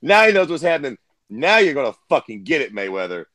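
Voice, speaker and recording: A man co-hosting a casual fight-talk show, excitable and emphatic, swearing freely. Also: mid-range voice, fast, no room sound. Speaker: podcast co-host.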